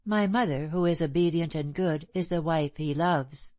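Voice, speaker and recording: A woman's voice: low-pitched, normal speed, darkish tone, no echo, close to an everyday voice. A woman reading the part of a bold, scornful, free-spirited young woman in an audiobook, impetuous and proud. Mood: defiant.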